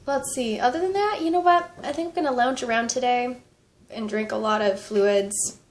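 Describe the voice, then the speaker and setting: A woman's voice: a little high, normal speed. A woman vlogger with a fever, chatting casually and rambling, with frequent laughter. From United States. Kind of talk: casual vlog chat.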